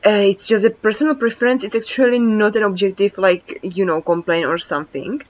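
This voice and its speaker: A woman's voice: mid-range voice, steady tone. A woman hosting a reaction video who reads translated lyrics aloud and then comments casually. She stumbles, restarts words and fills her talk with "like.". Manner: halting, stumbles and restarts words, many "like" fillers. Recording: dull lo-fi recording.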